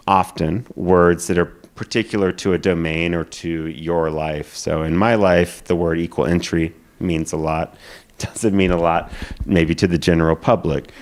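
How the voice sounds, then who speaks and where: A man giving a conference presentation, explaining quickly with frequent fillers. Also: sits low. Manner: explanatory, hurried, filler-laden.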